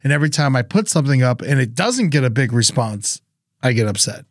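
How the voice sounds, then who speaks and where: A man hosting a casual podcast, wandering through his stories in loose sentences full of fillers and restarts. His voice sits at a middle pitch, and the recording is dry and close. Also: very animated, brisk, no room sound. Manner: rambling, many restarts and fillers. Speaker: podcast co-host. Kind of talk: casual chat.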